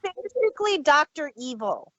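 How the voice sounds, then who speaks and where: A woman's voice: sits high, very animated, moderate pace, a bit bright. A woman co-hosting a casual review chat, throwing in joking quips. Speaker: podcast co-host. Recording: dull dry lo-fi sound.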